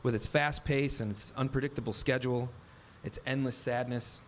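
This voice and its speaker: A man's voice: medium pitch, fairly even intonation, normal speed, slight background noise. Man telling a wry live story. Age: 30s. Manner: wry, vivid, acts out his own dialogue. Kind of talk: first-person story told live on stage.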